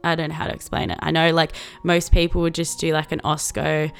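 A woman's voice: low-pitched, flat delivery, brisk, gravelly, clean tone, soft background music. A young Australian woman in her twenties telling a story in a casual vlog, chatty and profane, full of likes and laughing asides. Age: 20s.

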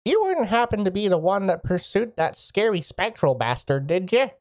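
A woman voicing an eccentric older male mage who is loud and eager, with a rustic way of talking. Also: mid-range voice, sing-song, moderate pace, pitched above the performer's own voice, natural voice. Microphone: voice chat microphone.

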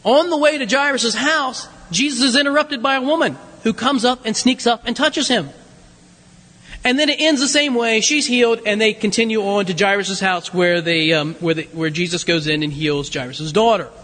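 A pastor delivering a sermon, earnest and animated, reading scripture with dramatic emphasis. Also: male voice, sits high, normal speed. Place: church sanctuary. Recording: long church reverb.

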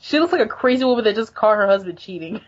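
A woman's voice: medium pitch, lively intonation, fast talker, dull audio. Young woman rambling through a story. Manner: rambling storyteller, laughs often. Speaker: podcast co-host. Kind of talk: casual chat recapping a manga.

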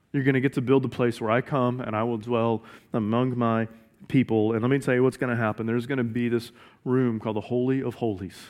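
A man's voice: mid-range voice, darkish tone. A man preaching a sermon in an earnest way, often repeating key phrases for emphasis. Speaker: pastor.

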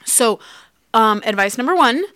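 A woman's voice: fairly high pitch, lively intonation, unhurried, bright, forceful tone, no echo, studio quality. A woman co-hosting a relationship podcast, talking in casual chat with a heartfelt, confessional manner and acting out remembered quotes. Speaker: podcast co-host.

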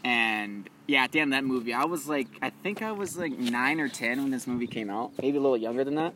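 A young man in casual chat about movies, loose and animated, swearing freely and calling his friend dude and bro. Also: medium pitch, brisk, noisy background.

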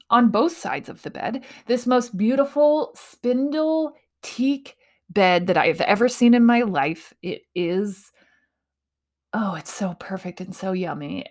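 A woman hosting a casual motivational talk, playful and quick to laugh at herself, often dropping into breathy whispers. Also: mid-range voice.

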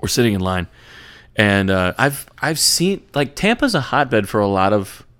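A man's voice: lowish voice, big pitch swings, normal speed, fairly bright tone. A young man chatting casually about sports on a podcast, laid-back and profane, with lots of fillers and restarts. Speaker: podcast co-host.

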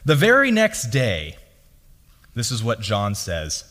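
A man preaching a sermon as pastor, his delivery swinging between loud and hushed. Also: lowish voice, wildly swooping pitch, takes it slowly, pauses often. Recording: long reverb of a hall.

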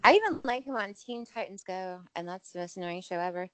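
A woman, around her forties, co-hosting a casual podcast, talking in an animated, emphatic way and swearing freely. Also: mid-range voice, fairly quick, a little hiss or hum. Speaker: podcast co-host. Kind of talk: casual chat.

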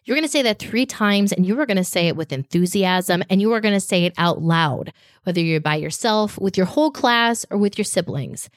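A woman hosting a children's faith podcast, speaking directly to kids in a slow, emphatic teaching voice. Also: mid-range voice, expressive, no echo, clean studio sound. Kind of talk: scripted faith lesson for children. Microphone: podcast microphone.

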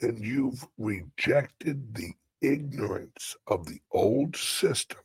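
Man, show host, very raspy gravelly voice, slow drawn-out delivery, emotional, swearing. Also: lowish voice, no room sound. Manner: emotional, profane, dropping to whispers and rising to shouts. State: choked up. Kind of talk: impassioned live-stream monologue.

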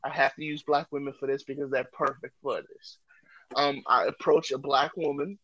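A man co-hosting a podcast, talking loudly and joking in a casual, animated way. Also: medium pitch, normal speed, dry recording, lo-fi sound. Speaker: podcast co-host.

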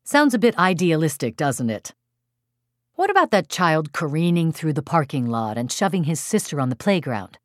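Low-voiced woman narrating expressively. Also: no echo. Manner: expressive reading with dry humor. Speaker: parent and author reading her own parenting book. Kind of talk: audiobook narration.

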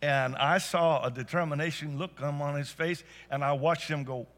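A man preaching a sermon to a church congregation, telling stories and rising to loud emphatic peaks. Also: on the high side, steady tone, moderate pace. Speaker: pastor. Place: church service.

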